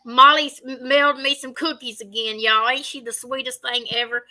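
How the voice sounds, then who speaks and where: A woman with a Southern drawl chats on a relaxed live stream, her voice sitting high. The tone is very bright and forward. She laughs easily and reads out viewer comments as she goes. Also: normal speed, poor audio. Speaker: co-host of a live chat stream. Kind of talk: casual live-stream chat.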